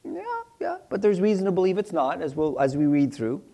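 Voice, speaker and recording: A man's voice: fairly high pitch, fast, mellow. Brief: middle-aged male pastor, casual sermon teaching, jokey, plays out small exchanges in character. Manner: chatty and joking, acts out little dialogues in voices. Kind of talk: conversational Bible teaching sermon.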